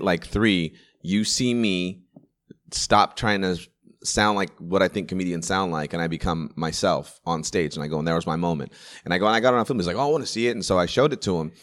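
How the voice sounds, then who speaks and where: A comedian in his forties in casual chat, telling rambling stories in quick bursts with restarts and swearing. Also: low voice, fairly bright tone. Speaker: stand-up comedian.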